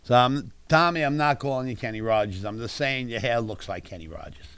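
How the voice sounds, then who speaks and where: A man's voice: mid-range voice, brisk, fairly bright tone, clean tone, no echo. A man co-hosting a live stream, chatting casually and teasing. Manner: joking, teasing, does mock impressions. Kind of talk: casual chat.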